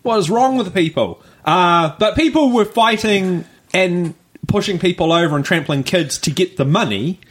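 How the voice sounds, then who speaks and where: Chatty New Zealand man, slightly high voice. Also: normal speed, husky. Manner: chatty storyteller, laughs along while telling news. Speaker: podcast co-host. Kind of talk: casual chat.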